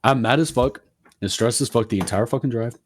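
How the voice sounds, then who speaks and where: A man in his twenties on a podcast, telling a story in an animated, profane rant and acting out what people said. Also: medium pitch, brisk, slight background noise. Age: 20s. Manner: animated, profane ranting with acted-out quotes. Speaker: podcast co-host. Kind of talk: casual storytelling chat.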